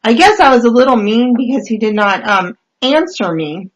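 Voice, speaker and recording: A woman with a fairly high voice tells comic stories in a casual way. She reads out dating-site messages in a wry, deadpan tone and trails off into hesitant fillers as she goes. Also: moderate pace, slight background noise, low-quality recording. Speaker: podcast host reading dating-site messages. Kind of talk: casual comedic storytelling.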